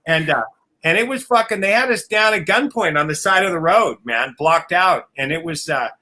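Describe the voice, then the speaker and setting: This man's fairly high, animated voice has a sharp tone and a moderate pace. He's spinning wild road stories on a casual live video call, laughing a lot, cursing freely, and doing impressions of other people; his family comes from Oklahoma.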